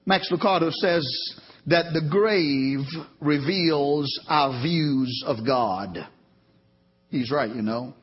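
Husky high-voiced preacher, dramatic. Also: male voice. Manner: dramatic, swinging from loud emphatic peaks to soft low asides; repeats words and corrects himself mid-sentence. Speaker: pastor. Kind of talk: sermon. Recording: dull lo-fi recording.

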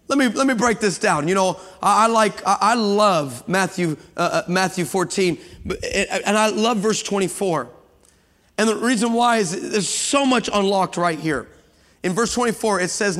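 High-voiced man preaching in a reverberant church. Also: moderate pace. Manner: energetic, builds to shouting, humorous asides. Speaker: guest preacher. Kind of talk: sermon. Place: church sanctuary with congregation. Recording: long hall reverb.

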